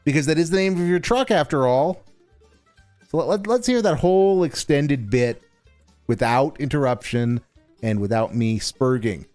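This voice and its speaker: A man's voice: medium pitch, animated, moderate pace, a little mellow, no room sound, faint music behind. A man hosting a game stream, commenting sarcastically and mockingly with lots of swearing and restarts.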